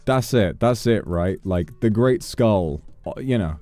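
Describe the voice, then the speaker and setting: Dark-voiced man ranting on a livestream. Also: medium pitch, expressive, measured pace, few pauses, no echo, faint music behind. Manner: rambling, mock-exasperated rants with swearing. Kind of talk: casual livestream chat while gaming.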